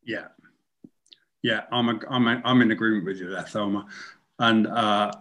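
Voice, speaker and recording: A man hosting an interview, speaking haltingly as he searches for words and asks his guest's opinion. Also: lowish voice, steady tone, fairly bright tone. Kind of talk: conversational political interview.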